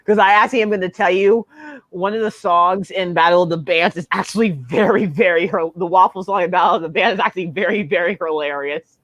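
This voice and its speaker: A man's voice: high-pitched, quick pace, a bit bright, no echo. Eager man repeating himself, dry sound. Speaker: livestream host. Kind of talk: casual chat.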